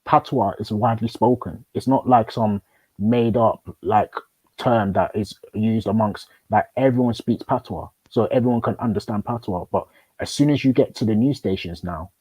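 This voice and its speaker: A man's voice: lowish voice, moderate pace, darkish tone, slightly rough, dry recording, low-quality recording. A man arguing in a casual debate, probing with questions and stumbling through many restarts. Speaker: host.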